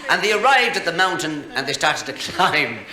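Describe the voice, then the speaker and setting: A man's voice: on the high side, sing-song, moderate pace, a crowd in the background. An Irish man telling jokes on stage to a live audience, chatty and chuckling at his own punchlines. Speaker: stand-up comedian. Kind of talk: live stand-up storytelling. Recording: echoey live room, faint hiss.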